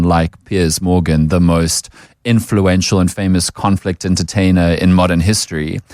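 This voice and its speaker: A man's voice: low voice, darkish tone, no echo. A South African man speaking as an articulate, opinionated guest on a radio panel in a studio. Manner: articulate, opinionated, acts out quoted voices. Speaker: panel guest, media personality.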